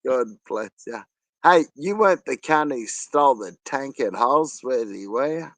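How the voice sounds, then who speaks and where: Man, gravelly, slow, dry sound, laughs a lot. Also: medium pitch, lively intonation, no echo. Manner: laughs often, crude banter. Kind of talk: casual live chat.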